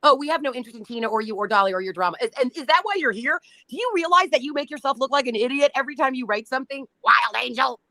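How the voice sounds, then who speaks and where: A woman's voice: sits high, rapid-fire, few pauses, bright, forceful tone, no room sound. A woman hosting a livestream who reads out chat comments and answers them in a mocking, profane and taunting way. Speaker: livestream host.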